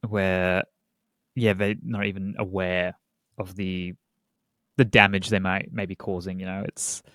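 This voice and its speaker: Low-voiced young man, hesitant and dry. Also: little pitch movement, a little slow, a bit bright, no room sound. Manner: hesitant, many fillers, agreeable. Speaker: podcast host, guest. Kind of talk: casual interview chat.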